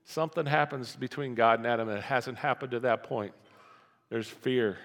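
A man's voice: medium pitch, moderate pace, a bit bright. A male pastor gives a sermon in an easygoing, conversational tone. He circles back on his own words and poses rhetorical questions to the congregation. His voice trails out into the long reverb of a church sanctuary.

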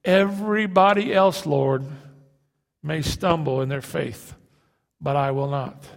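A preacher putting on a swaggering boastful disciple. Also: male voice, mid-range voice, huge pitch swings, slow pace, vocal fry, darkish tone, husky, in a large hall, heavily acted. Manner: swaggering, indignant. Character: boastful male disciple swearing loyalty.

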